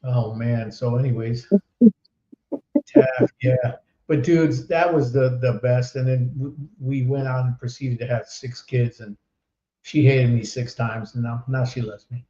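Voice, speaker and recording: A man hosting a casual podcast chat, telling stories in an animated way and laughing often. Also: mid-range voice, unhurried. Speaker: podcast host. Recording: roomy, dull online stream audio.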